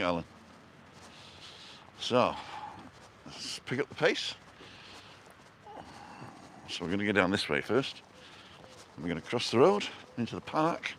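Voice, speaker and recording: On a live walking vlog outdoors, a man with a lowish, a bit bright voice chats casually and greets viewers by name as he moves through a town street and park. Slight background noise can be heard.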